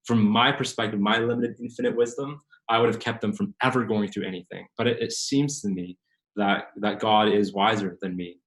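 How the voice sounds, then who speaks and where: Man, low voice, earnest, unscripted forum answer, restarts a lot, roomy echo. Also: steady tone, a little fast, a bit bright. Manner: earnest, searching for words with many restarts. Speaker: forum speaker answering questions.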